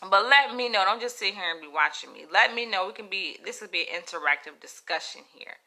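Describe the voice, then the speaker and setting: A woman talking straight to her viewers in a casual livestream, blunt and animated. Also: mid-range voice, fast talker. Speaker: livestream host.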